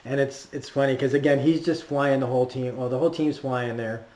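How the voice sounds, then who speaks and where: A man's voice: medium pitch, fairly even intonation, brisk, a little mellow. A man recapping a cartoon episode in a casual, rambling way, full of fillers and laughs. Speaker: cartoon reviewer. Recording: roomy echo.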